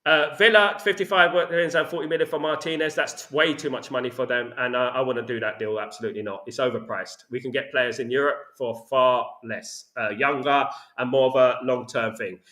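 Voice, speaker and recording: A man's voice: medium pitch, steady tone, brisk, few pauses, bright, forceful tone. A man hosting a casual live stream, reading viewer comments aloud and answering them bluntly, often repeating himself. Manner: blunt, opinionated, repeats himself with "you know what I mean". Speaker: host reading viewer chat.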